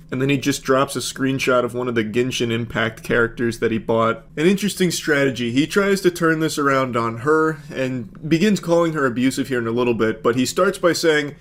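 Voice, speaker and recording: A man's voice: mid-range voice, a little fast, few pauses. Sarcastic man doing comedic commentary. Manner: sarcastic, deadpan asides. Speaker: commentary host.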